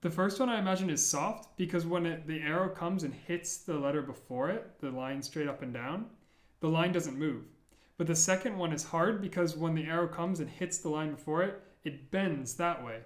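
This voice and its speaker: A man's voice: fairly high pitch, roomy sound. Patient man teaching a language lesson. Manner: patient, reassuring, models sounds slowly.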